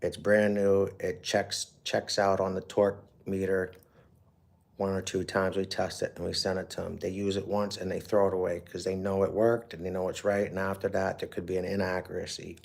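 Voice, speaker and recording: A man's voice: deep voice, level tone, moderate pace, creaky, a little mellow. A middle-aged man hosting a livestream, telling a rambling personal story in a profane, emotional way. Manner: profane, emotional, with frequent fillers. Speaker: livestream host.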